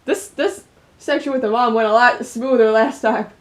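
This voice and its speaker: A woman's voice: fairly high pitch, steady tone, normal speed. A woman hosting a let's play, reacting expressively to a story game. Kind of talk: gameplay commentary.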